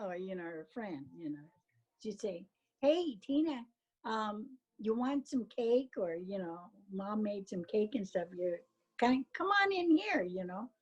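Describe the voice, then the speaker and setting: A woman's voice: mid-range voice, slightly rough, lo-fi sound. An older woman telling stories in a podcast conversation. She acts out the quotes, laughs often and keeps saying "you know.". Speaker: spiritual teacher, podcast guest.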